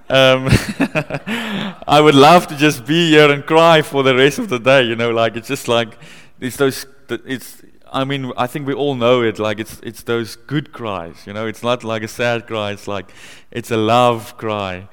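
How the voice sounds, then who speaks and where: A man preaching a sermon in a church, conversational, laughing often and growing excited as he tells stories. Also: mid-range voice, unhurried, smooth, big-room sound. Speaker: pastor.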